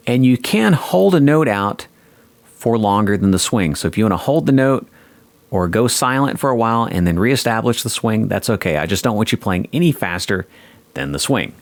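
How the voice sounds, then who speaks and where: A man teaching a guitar lesson, calmly explaining and counting the beat aloud. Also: medium pitch, creaky, no echo. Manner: calm explaining, counting beats aloud over a track. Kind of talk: instructional lesson.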